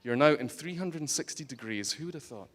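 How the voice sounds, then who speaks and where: A man's voice: mid-range voice, animated, fairly quick, fairly bright tone. A man with a Scottish accent giving a humorous conference talk, joking and teasing the audience bluntly. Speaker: conference speaker. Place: conference hall stage.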